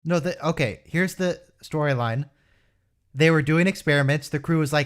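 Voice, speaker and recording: A man's voice: fairly high pitch, moderate pace. A man in a casual group chat, eagerly laying out a storyline. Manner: storytelling, explains plot eagerly. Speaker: watch-along participant.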